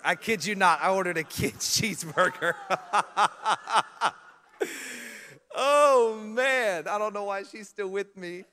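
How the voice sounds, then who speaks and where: Brief: high, bright young male pastor, comic storytelling sermon in a reverberant church hall. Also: takes it slowly, long pauses. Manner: humorous, animated, laughs at his own stories.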